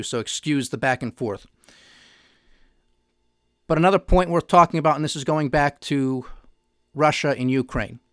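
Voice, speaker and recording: A man's voice: fairly high pitch, fairly bright tone, no room sound, clean studio sound. A man hosting a finance news show, giving emphatic, sarcastic opinion commentary straight to his audience.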